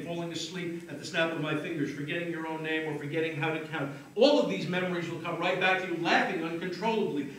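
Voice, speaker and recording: A man working as a stage hypnotist, giving slow soothing suggestions and apologetic banter to volunteers. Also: a little high, a bit bright, recorded from a distance, a little hiss or hum. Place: live venue with audience. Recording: echoey room, taped from afar.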